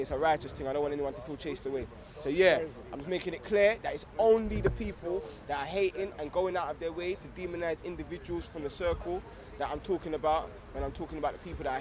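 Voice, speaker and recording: Young man, high-pitched, street slang, fervent address outdoors. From England. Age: young adult. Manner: slangy, repeats "you get me", grows fervent and loud. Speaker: organiser of a street discussion circle.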